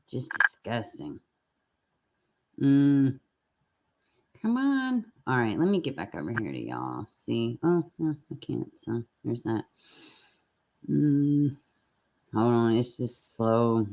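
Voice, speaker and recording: A woman's voice: a bass voice, muffled recording. A woman hosting a casual true-crime live stream, talking bluntly and chattily straight to her viewers and swearing now and then.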